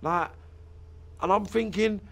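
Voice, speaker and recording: A man's voice: high voice, takes it slowly, a bit bright. A man with a British accent, recounting a hard childhood in an emotional interview. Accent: British English. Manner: emotional, gravelly storytelling.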